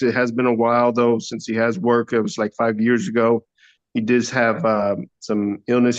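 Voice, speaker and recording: A man arguing as court-appointed defense attorney in a courtroom, hesitant with many fillers and throat-clearing. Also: medium pitch. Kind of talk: courtroom argument. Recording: dull lo-fi courtroom audio.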